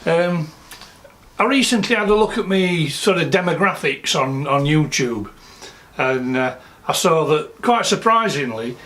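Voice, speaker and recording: A vlogger from Sheffield with a Yorkshire accent, chatting casually and rambling with many fillers and restarts. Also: male voice, fairly high pitch, animated, unhurried, fairly bright tone. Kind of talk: casual vlog chat. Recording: music playing behind.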